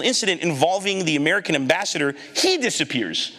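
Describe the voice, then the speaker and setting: A comedian giving an animated storytelling talk, acting out the people in his anecdotes and laughing at his own lines. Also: high-pitched, fast talker, crowd noise.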